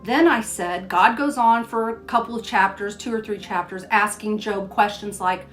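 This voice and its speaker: The older woman who hosts a Christian devotional show tells a family story in an easygoing, personal manner, shifting between plain narration and reading scripture aloud as devotional teaching. She speaks at a mid-range pitch and a moderate pace with few pauses, while soft music plays faintly in the background.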